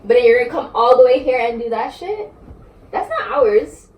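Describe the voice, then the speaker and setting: A woman's voice: a little high, very animated, moderate pace, distant mic, muffled recording. Heated young woman. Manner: confrontational and heated, lots of slang and cursing. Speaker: wife confronting her husband in a prank video. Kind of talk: heated home argument, swearing. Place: home. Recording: echoey room, voice from across the room, faint noise.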